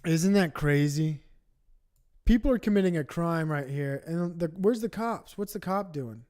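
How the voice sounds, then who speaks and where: A man with a high-pitched voice rants on a livestream. He swears often and rambles from point to point in coarse, heated reaction commentary. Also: animated, measured pace, darkish tone. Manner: profane, ranting, rambling. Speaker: streamer.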